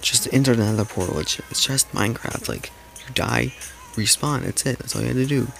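A man with a medium-pitched voice and some vocal fry hosts a reaction video, talking a little fast in casual, rambling, mocking commentary full of "like" fillers. Background music plays under his voice.

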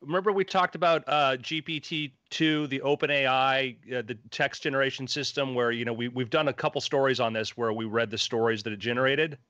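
Bright-voiced man explaining on a podcast. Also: medium pitch, fairly even intonation, fairly quick, few pauses, no echo, lo-fi sound. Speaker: co-host. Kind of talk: casual podcast chat.

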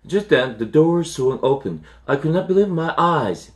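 A Korean-speaking English teacher reads a children's novel aloud, unhurried, with self-corrections and fillers. His voice is a little high and swings widely in pitch.

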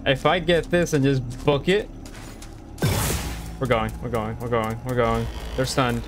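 Jumpy young male gamer over loud music. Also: medium pitch, steady tone, a little slow, long pauses. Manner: jumpy, easily scared, talks to viewers. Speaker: gaming video host. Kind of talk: let's play commentary.

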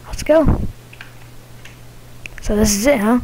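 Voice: mid-range voice, moderate pace, long pauses, noisy background. A gamer giving casual play-by-play commentary, reacting to the game in a chatty, offhand way and sometimes dropping into a whisper.

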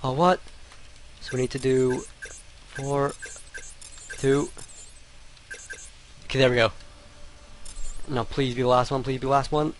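A man's voice: mid-range voice, flat delivery, measured pace, long pauses, slight background noise. Frustrated man commentating a game. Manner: frustrated, muttering, exclaiming at the game. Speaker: let's play gamer. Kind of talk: gameplay commentary.

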